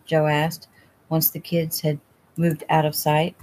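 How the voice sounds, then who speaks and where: A woman reading her own novel aloud at home in a relaxed, conversational way. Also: deep voice, slow pace, rough recording. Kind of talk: casual audiobook reading.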